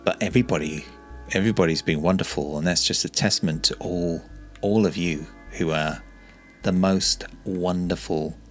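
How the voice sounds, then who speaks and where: A calm, shy man vlogging to camera, talking in a relaxed monotone with frequent stutters and restarts. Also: deep voice. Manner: calm, relaxed, soft-spoken. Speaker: YouTuber. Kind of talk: reflective talking-to-camera vlog.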